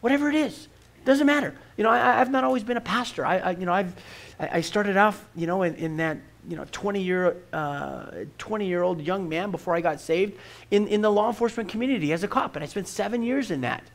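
High-voiced middle-aged man preaching. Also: fast, gravelly. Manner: earnest, repeats words when starting sentences. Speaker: pastor. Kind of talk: sermon. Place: church.

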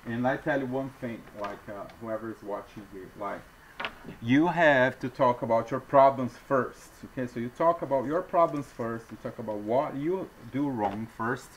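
A man's voice: mid-range voice, a little hiss or hum, low-quality recording. Man rambling earnestly to viewers. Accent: non-native English. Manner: digressive, earnest, apologetic asides. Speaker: vlogger addressing viewers. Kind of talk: rambling off-the-cuff monologue.

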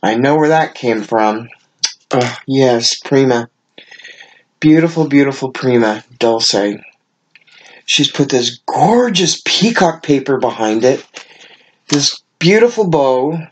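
A woman's voice: extremely low pitch, lively intonation, slow pace, long pauses, slight background noise. A woman hosting a card-making channel, gushing as she unboxes crafting gifts sent by a friend, gasping and exclaiming over each item. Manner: effusive and gushing, with frequent gasps and exclamations. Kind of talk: casual unboxing of mailed gifts.

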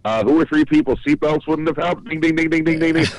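A man's voice: on the high side, steady tone, fast talker, pitched above the performer's own voice, natural voice, rough recording. A man putting on a corny, perky game show host voice with sing-song announcing. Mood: hammy.

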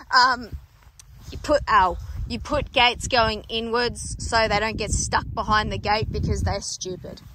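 A woman's voice: fairly high pitch, a little hiss or hum, rough recording. A young Australian woman farmer talking casually outdoors on her farm, chatty and wry, now and then exasperated as she calls out to the sheep. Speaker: farmer vlogger. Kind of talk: casual vlog narration.

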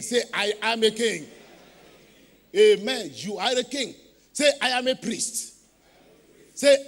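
High, bright-voiced preacher in a hall. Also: male voice, vocal fry. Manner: emphatic preaching with call-and-response to the congregation. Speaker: pastor. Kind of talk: sermon.

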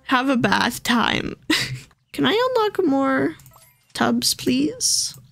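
Woman gushing over a cute game, lively squeaky-high pitch, slow drawn-out talk, bit of vocal fry, dry mic with game music. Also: dry recording. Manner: gushing, excitable, gasps and squeals. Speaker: gaming video host. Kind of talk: casual gameplay commentary. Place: home room.

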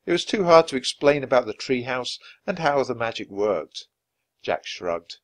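A man reads a children's chapter book aloud in a medium-pitched voice. His delivery is expressive and lively, with big rises and falls in pitch that keep the story moving. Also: normal speed. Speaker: storybook reader.

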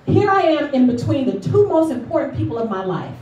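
A woman's voice: high voice, brisk, lo-fi sound, a little hiss or hum. Woman rallying a crowd in an echoey hall. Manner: lively, storytelling, rallying the audience. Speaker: motivational speaker. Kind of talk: motivational speech with call-and-response. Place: event hall at a luncheon. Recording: echoey hall recorded from far off.

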